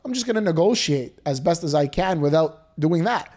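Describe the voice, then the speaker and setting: A man's voice: on the high side, animated, normal speed, a little mellow. A man hosting a casual interview, earnestly agreeing and chiming in with his own views. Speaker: host.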